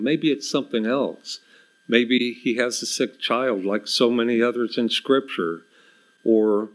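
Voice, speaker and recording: A man preaching a sermon to his congregation, emphatic and repeating his key questions. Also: fairly low pitch.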